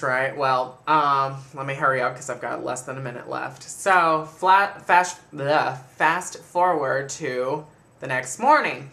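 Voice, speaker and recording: A man speaks with a gravelly edge and a bright, forward tone. He tells a personal story straight to the camera as a casual vlog, chatty and animated. His delivery is loose and conversational. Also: medium pitch. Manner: chatty, animated retelling with frequent laughs. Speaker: vlogger.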